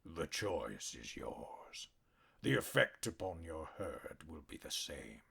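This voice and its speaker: Male narrator doing a hulking black cat warlord: deep, gravelly, slow, breathy near-whisper threats, audiobook. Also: very animated, full character voice. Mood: quietly menacing. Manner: slow, soft-spoken threats, growling.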